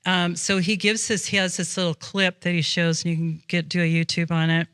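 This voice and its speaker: A woman's voice: fairly low pitch, level tone, brisk, fairly bright tone, clean tone, dry recording. A woman guest on a faith podcast, talking earnestly in a rambling way, with many fillers. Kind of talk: casual faith conversation.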